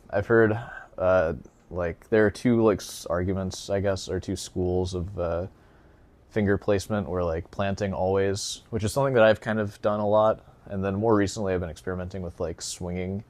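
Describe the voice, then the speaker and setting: A man's voice: low-pitched, darkish tone. A young man hosting a casual solo podcast as a guitar teacher, rambling and joking with lots of fillers, a little out of breath. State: slightly out of breath.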